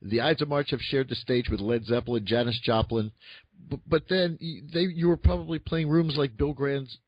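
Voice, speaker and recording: A man's voice: mid-range voice, moderate pace, no echo, lo-fi sound. A man from Philadelphia hosting a radio talk show, interviewing a guest with enthusiasm and stumbling restarts. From Philadelphia, USA.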